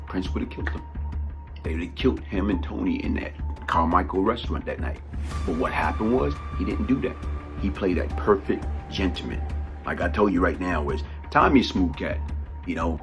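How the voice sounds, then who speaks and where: A man telling a street story casually, rambling and animated, with plenty of fillers. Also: low-pitched, moderate pace, faint music behind.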